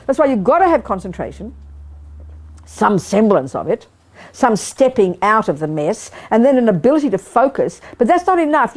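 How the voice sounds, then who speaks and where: Speaking at a medium pitch with a darkish tone, a woman teaches Buddhism to a study group. Her delivery is emphatic and blunt, and now and then she voices the inner thoughts she's describing.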